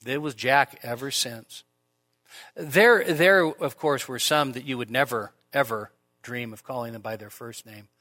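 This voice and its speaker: A man's voice: medium pitch, a little slow, pushed and bright. A middle-aged man preaching an expository sermon in a church, earnest and emphatic, repeating phrases for stress. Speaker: pastor.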